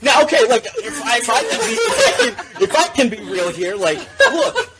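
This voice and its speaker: A man's voice: very high-pitched, huge pitch swings, moderate pace. A young man in a rock band, a podcast guest, who jokes and laughs often as he talks. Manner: joking, laughs often, self-mocking. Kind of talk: casual chat. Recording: faint background noise.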